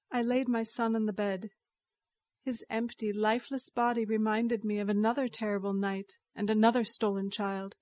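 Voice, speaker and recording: A woman reading a story aloud in first person, slow and measured. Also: medium pitch, little pitch movement, a little mellow, dry recording, studio quality. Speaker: narrator. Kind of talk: scripted story narration.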